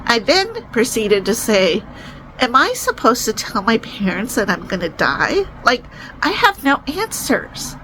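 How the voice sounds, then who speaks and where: Young woman vlogging her story, gets upset and high, crisp bright voice, slow talker. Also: wildly swooping pitch, slight background noise, low-quality recording. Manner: emotional, rising to high-pitched distress. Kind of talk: personal storytelling vlog.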